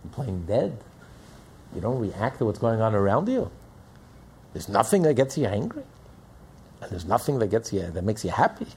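A man's voice: on the low side, very animated, normal speed, long pauses, a little mellow, slight background noise. A man teaching a Torah lecture as a rabbi, emphatic and repeating phrases as he builds each point.

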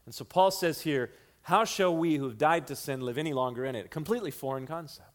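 Earnest male preacher teaching scripture. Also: a little high. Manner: earnest teaching, shifts between slow emphasis and quick runs; repeats lines for emphasis. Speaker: pastor. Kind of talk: expository sermon.

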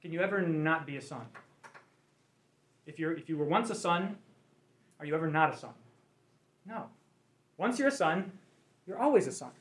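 A man's voice: on the high side, animated, moderate pace, pauses often. A man leading a Bible study group, teaching conversationally and asking the class questions.

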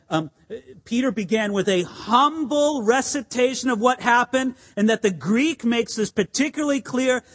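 A man pastor preaching an expository sermon in an animated, conversational and emphatic way, with asides to the congregation. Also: very high-pitched, in a large hall.

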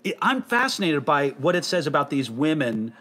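A man's voice: fairly high pitch, big pitch swings, moderate pace, pushed and bright. A man hosting a casual faith conversation, reading listener questions aloud in a teasing, inquisitive way.

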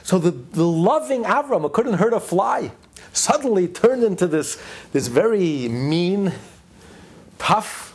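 A man's voice: high voice, big pitch swings, takes it slowly, darkish tone, husky. A man giving a sermon as a religious teacher, driving his points home with emphatic, repeated lists. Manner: tells a joke story mid-lesson.

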